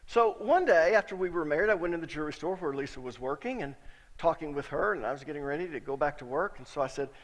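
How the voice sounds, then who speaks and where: A middle-aged man preaching a sermon as a pastor, telling stories in a conversational way and sometimes getting suddenly loud for emphasis. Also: on the high side, lively intonation, quick pace, long reverb tail.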